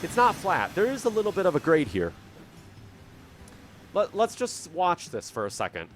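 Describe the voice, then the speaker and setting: A man's voice: high voice, wildly swooping pitch, moderate pace, a little hiss or hum. A young man hosting a gaming channel, casually commenting on his gameplay, chatty and self-mocking as he thinks aloud at a desk microphone at home. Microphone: desk microphone at a computer.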